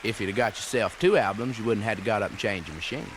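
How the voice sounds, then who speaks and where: Talking very fast in a lowish voice, a Southern US comedian drawls through a folksy, meandering stand-up routine on stage, calling the crowd beloved. The recording is a 1960s live LP, echoey and full of hiss.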